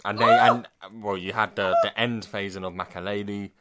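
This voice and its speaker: A man's voice: lowish voice, fairly even intonation, fairly quick, a bit bright. A man chatting casually about football with his friends, teasing and slangy. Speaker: podcast co-host.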